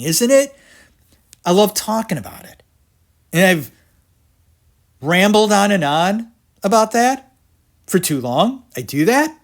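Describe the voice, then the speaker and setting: Slow, animated man ranting on his podcast. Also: high voice. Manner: excitable rambling rant, swears, laughs at himself. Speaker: podcast host. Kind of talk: solo podcast monologue about film history.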